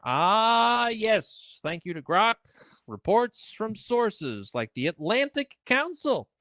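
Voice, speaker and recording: A man rants through a solo political live stream with biting sarcasm and open indignation. His voice sits fairly high and swings up and down with lively emphasis. The sound is close and dry, with no room around it. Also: no echo. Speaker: political commentary host.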